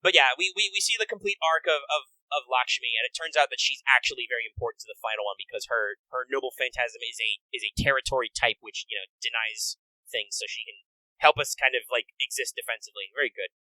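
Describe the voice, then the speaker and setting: A man co-hosting a casual video-game podcast, animated and quick to act out characters in put-on voices. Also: mid-range voice, no echo, rough recording. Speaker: podcast co-host.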